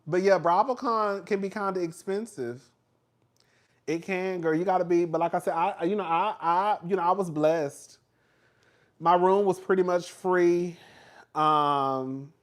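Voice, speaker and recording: A man hosting a casual livestream, chatty and animated, laughing often, with slang and swearing. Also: high voice. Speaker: host.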